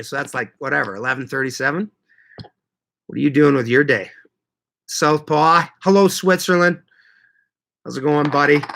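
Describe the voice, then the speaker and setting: A man from Manitoba hosting a casual livestream, greeting viewers by name and chatting in a lively, laughing way. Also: mid-range voice. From Canada (Manitoba). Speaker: livestream host reading chat.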